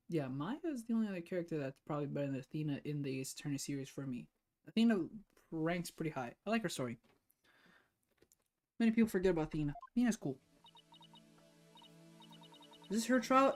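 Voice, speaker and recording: A woman's voice: low voice, animated, quick pace, long pauses, dark tone. A woman streamer giving casual gameplay commentary, chatty and self-deprecating, laughing often, her voice a little sore. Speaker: streamer playing a game.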